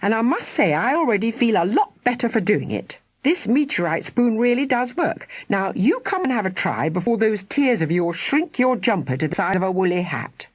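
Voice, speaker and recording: A woman's voice: mid-range voice, sing-song, moderate pace, few pauses, dry recording, voice pushed up. A woman reading an audiobook, voicing a spirited young girl who fusses over her little brother with exclamations and coaxing. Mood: urgent. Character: spirited young girl, bossy big sister. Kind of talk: audiobook character voice.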